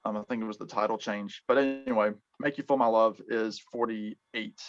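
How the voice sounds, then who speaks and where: A man hosting a casual music chat, talking in halting bursts full of ums and restarts. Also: lowish voice, fairly even intonation. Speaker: podcast host. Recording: dull lo-fi sound.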